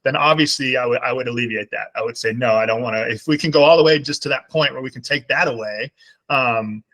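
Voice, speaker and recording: A man's voice: mid-range voice, fast, fairly bright tone, rough recording. A man speaking as guest on a video call, telling a heartfelt personal story in a reflective way. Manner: heartfelt, reflective, quotes himself and others.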